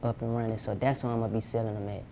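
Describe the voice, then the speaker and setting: A man's voice: lowish voice, flat delivery, racing, warm tone, a little hiss or hum. A young man from Georgia, a music producer talking casually and profanely in an interview. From Georgia, USA. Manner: laid-back, slangy, profane.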